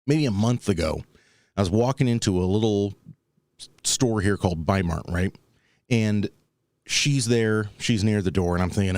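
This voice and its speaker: A man's voice: lowish voice, moderate pace, darkish tone, no echo. A man hosting a talk show, telling a rambling, wry story and acting out the people he quotes. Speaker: podcast host. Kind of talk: casual comedic storytelling.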